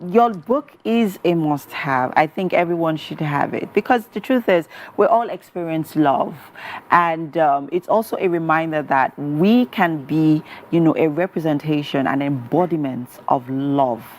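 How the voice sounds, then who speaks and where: A woman's voice: sits low, a little slow, darkish tone. A woman with a Nigerian English accent hosting a breakfast TV show and interviewing an author in a chatty way full of "you know" fillers.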